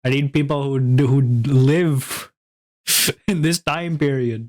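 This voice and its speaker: A man's voice: medium pitch, steady tone, takes it slowly, darkish tone. A young man chatting casually on a livestream, rambling to his viewers with frequent laughs and swearing. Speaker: VTuber streamer.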